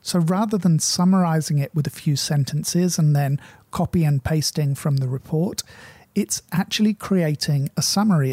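A long-winded man explains technology in a wry, conversational way. His voice sits a little high but sounds mellow and husky. The recording is close and dry, with no room sound. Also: no room sound. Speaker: podcast host.

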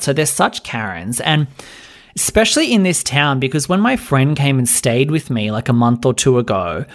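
A young man hosting a podcast, telling a story as a casual rant, chatty and exasperated, full of fillers and swearing. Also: mid-range voice. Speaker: podcast host.

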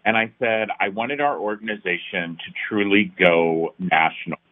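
A man's voice: fairly low pitch, normal speed. A middle-aged man, a nonprofit founder, telling his story in an interview with earnest, emphatic passion. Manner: earnest, emphatic, building to rousing peaks. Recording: tinny phone-like line.

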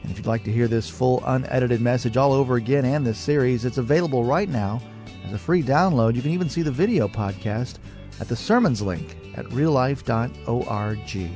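A man's voice: medium pitch, animated, normal speed. A man reading a scripted radio program outro as announcer. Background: soft guitar music.

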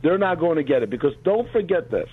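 A man's voice: on the high side, very animated, quick pace, slightly rough. A man speaking fervently and emphatically in heated political talk as a guest on the line. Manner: fervent, emphatic rally-style delivery. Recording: tinny phone line.

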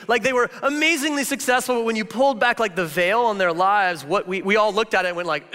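A man gives a loose, conversational sermon in a big reverberant hall. His voice sits high and bright, and he talks in an animated, chatty way, tossing in plenty of filler words. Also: fast, few pauses. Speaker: pastor.

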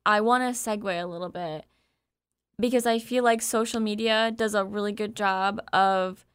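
A woman's voice: mid-range voice, steady tone, moderate pace, clear, resonant tone, no room sound. A woman talking frankly and animatedly in a casual podcast chat, swearing freely.

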